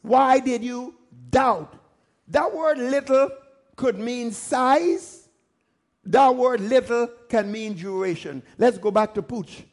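A male pastor delivers a sermon in an unusually high voice. He drives his points home through repetition and quick asides to the congregation. When he reads scripture, he slows right down and stretches the words for dramatic effect. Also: darkish tone. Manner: emphatic preaching with repetition and call-and-response asides; dramatic scripture reading with slowed, stretched phrases.

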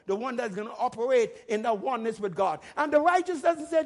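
A man with a strikingly high voice preaches a sermon. He speaks with bold authority, hammers the same phrases again and again, and pushes up to loud, forceful commands. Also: animated, a little fast, hardly any pauses. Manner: emphatic, commanding, rising to loud declarations; repeats phrases for emphasis, calls to the congregation. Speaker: pastor.

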